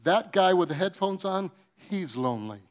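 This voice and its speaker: A man preaching a sermon, telling comic stories with acted-out quotes and swinging between loud bursts and soft, earnest passages. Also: high voice, animated, normal speed, background noise. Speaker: pastor.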